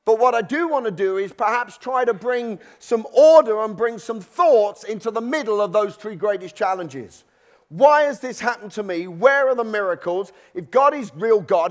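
A man's voice: sits high, expressive, moderate pace. A man preaching a sermon in a church, talking conversationally and acting out the voices of struggling believers.

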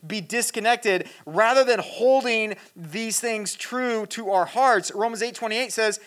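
A preacher giving a sermon in a casual, earnest way, reading scripture and talking to the listeners directly. They often restart and repeat words, and they drop into a quiet, low voice to stress a point. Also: unhurried. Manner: addresses the listeners directly as "guys" and asks for "amen"; drops to a quiet, low voice for emphasis.

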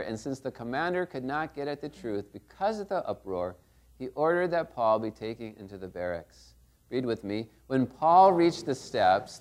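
A middle-aged man preaching a sermon in a conversational way, often checking in with the congregation. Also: mid-range voice. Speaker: pastor.

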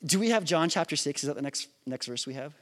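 A man's voice: on the high side, animated, fast talker, a bit bright. A man preaching a sermon in a conversational way, asking the listeners questions and acting out scripture scenes. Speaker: pastor.

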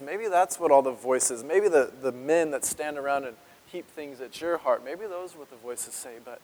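A man preaching a sermon as pastor, earnest and emotional, with dramatic pauses and drops to a hush on key words. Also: on the high side. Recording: long reverb of a large hall.

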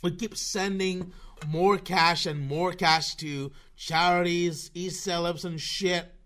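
A man hosting his own podcast, rambling through sarcastic, profanity-laden commentary with a slurred, low-energy delivery. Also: steady tone, slow pace, a bit bright. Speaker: podcast host.

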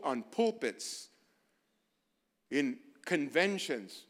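A man preaching a sermon as a pastor, moving from quiet asides to loud, urgent exhortations. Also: medium pitch, animated, a little slow. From barrio in the United States.

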